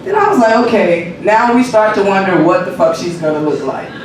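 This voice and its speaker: This high-voiced man speaks briskly while rehearsing a stand-up set, telling profane, animated stories and laughing at his own jokes. The mic sits far off in an echoey, noisy room.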